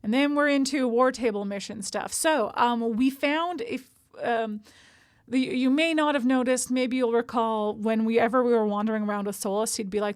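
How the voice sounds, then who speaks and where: A woman streamer chats casually over a game, rambling and self-deprecating with plenty of fillers. Her voice is a touch high. The sound is dry and close to the mic. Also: fairly even intonation, moderate pace, no room sound.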